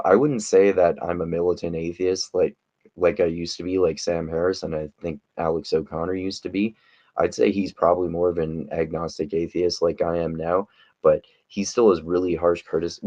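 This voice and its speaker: A man's voice: deep voice, darkish tone, no room sound, highs cut off. A man giving casual, rambling commentary on a video clip, with many restarts and fillers. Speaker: commentary YouTuber.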